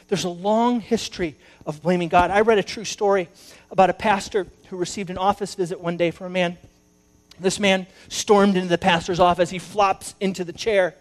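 A male pastor giving a sermon, telling a story and swinging between loud emphasis and hushed asides. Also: sits high, moderate pace.

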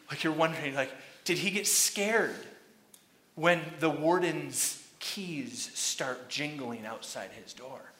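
A man preaching a sermon, retelling a story dramatically and shouting out the crowd's lines. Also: fairly high pitch, takes it slowly, roomy sound.

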